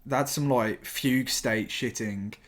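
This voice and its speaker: A man's voice: mid-range voice, a little slow. A young man from England with a Birmingham accent, co-hosting a podcast in blunt, sweary casual chat. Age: young adult. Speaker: podcast co-host.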